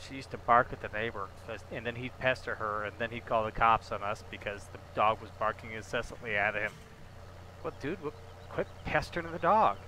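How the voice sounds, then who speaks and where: A man's voice: fairly low pitch, flat delivery, brisk, few pauses, bright, forceful tone, a little hiss or hum. A man chatting casually with his viewers while livestreaming a game, joking and talking to them by name. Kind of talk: casual gameplay livestream chat.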